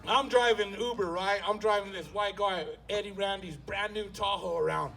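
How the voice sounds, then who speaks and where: A man with a high voice telling a stand-up story, swearing freely and jumping into the voices of the people he meets. His delivery is animated and rowdy, loud one moment and drawn out the next. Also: moderate pace, vocal fry, far from the mic. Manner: profane, animated, acts out characters with voice shifts. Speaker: stand-up comedian.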